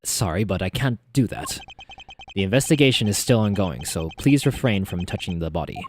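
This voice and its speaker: A man voicing a stern young male prosecutor in a put-on British accent, formal and measured, dubbing a game as he plays. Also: deep voice, lively intonation, darkish tone, slight background noise, voice pushed down. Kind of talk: fan voice-over while playing.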